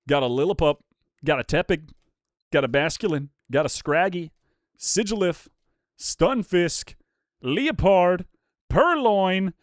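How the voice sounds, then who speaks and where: A young man streaming and opening card packs, chatting casually with viewers. His voice is fairly high and bounces all over the place, shifting from mumbling to loud hype. The sound is close and dry. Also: no room sound. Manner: excitable, swings from mumbling asides to loud hype yells. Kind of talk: casual livestream chat.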